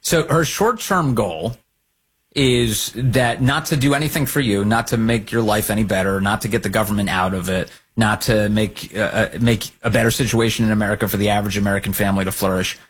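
A man hosting a political talk show, giving combative, sarcastic commentary with a husky voice. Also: on the low side, quick pace, hardly any pauses. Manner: combative, sarcastic, lively intonation. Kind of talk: opinionated commentary.

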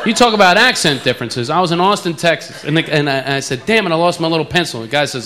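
A man's voice: fairly high pitch, lively intonation, quick pace, hardly any pauses. A man with an East Coast American accent doing a playful stand-up routine in a comedy club, teasing the audience. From eastern United States. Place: comedy club in front of a loud crowd. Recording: live club recording with loud crowd noise.

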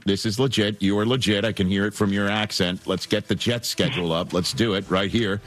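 A man with a New York accent hosting a call-in sports radio show, brisk and teasing as he runs through a schedule. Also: on the low side, fairly even intonation.

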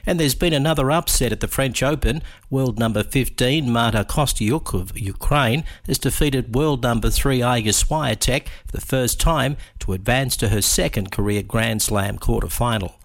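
A man reading a radio news bulletin in a steady, measured way. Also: medium pitch. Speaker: newsreader.

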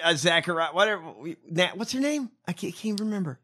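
Incredulous, bright-voiced ranting man. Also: high voice, lively intonation, fairly quick. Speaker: podcast co-host. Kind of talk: casual chat.

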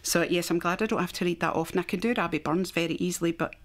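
A woman's voice: fairly low pitch, fast. Chatty woman podcast host. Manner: chatty, laughs easily, uses wee. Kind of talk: casual chat.

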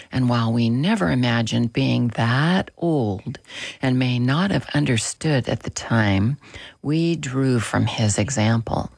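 A man hosting a radio program, reading a Christian book aloud in a slow, gentle, deliberate way. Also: medium pitch, gravelly, husky, no echo.

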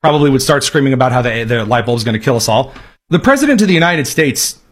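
Husky sarcastic male commentator. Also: mid-range voice, expressive, fast talker. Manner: sarcastic, emphatic rants. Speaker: political commentator. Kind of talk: opinionated commentary.

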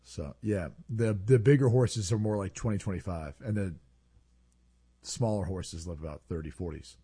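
A man's voice: deep voice, moderate pace, dark tone, breathy edge. A man co-hosting a casual podcast chat, easygoing and sharing trivia. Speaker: podcast co-host.

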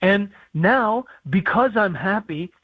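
A man's voice: high-pitched, lively intonation, takes it slowly, husky, no room sound. Frustrated young man caller, muffled line. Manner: frustrated, defensive. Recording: dull phone-call audio.

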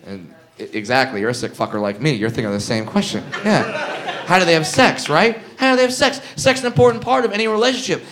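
A man doing a loud, animated stand-up comedy set in a club, telling stories with punchy asides. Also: a little high. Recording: live club recording with crowd noise. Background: audience laughter.

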